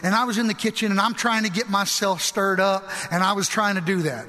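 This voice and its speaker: A man preaches in a high, bright voice, pressing his points with fervent conviction and building toward loud exclamations. His words carry a long reverb, as if spoken in a large church hall. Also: a little fast, hardly any pauses. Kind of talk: sermon.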